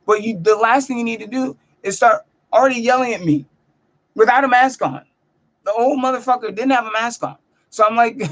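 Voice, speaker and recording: Brief: young comedian vlogging from his bedroom, high voice, animated, cusses freely. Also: normal speed. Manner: animated, profane, self-mocking storytelling. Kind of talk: casual storytelling vlog. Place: bedroom at home.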